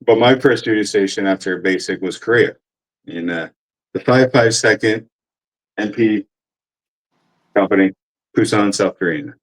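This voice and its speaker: The audio is poor as a forties-aged former soldier wanders through an offhand tale, full of profanity and filler words. He has a voice on the low side and a measured pace broken by long pauses.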